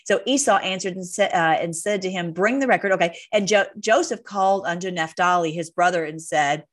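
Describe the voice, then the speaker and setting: A woman's voice: mid-range voice, expressive, moderate pace. Woman reading scripture with chatty asides. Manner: conversational, breaks into exasperated asides; frequent fillers and self-corrections while reading. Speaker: Bible study teacher. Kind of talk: reading scripture aloud with commentary.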